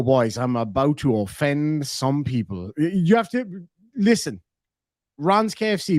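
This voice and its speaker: A lively Irish man rambles through a live stream, swearing freely and tripping over his own restarts. His voice sits a little high for a man, and the sound is close and dry with no room echo. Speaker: livestreamer reading viewer donations. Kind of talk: casual live-stream chat.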